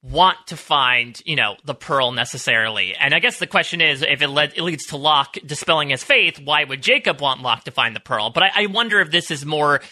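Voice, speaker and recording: Male co-host, speculative, bright and slightly high. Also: lively intonation, fairly quick, few pauses. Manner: speculative, musing. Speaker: podcast co-host. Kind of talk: casual podcast chat.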